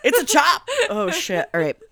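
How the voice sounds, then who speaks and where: Casting note: woman co-host, bright and lively, slow-talking, giggly and profane. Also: on the high side, creaky. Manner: giggly, swears freely, keeps trying to refocus. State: laughing fits, coughing. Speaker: podcast co-host. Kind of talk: casual chat.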